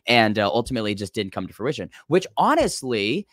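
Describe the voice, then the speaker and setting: A man in his twenties, a combat sports commentator, telling stories as a podcast guest in a lively, profane way. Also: fairly low pitch, fast, no echo, studio quality. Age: 20s. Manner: animated, swears freely, bursts loud when worked up. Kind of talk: casual storytelling chat.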